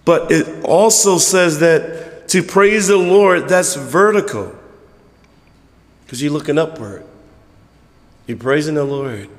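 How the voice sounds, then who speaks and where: A man preaching a conversational sermon as pastor, acting out church members in quick voices. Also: a little high, in a large hall.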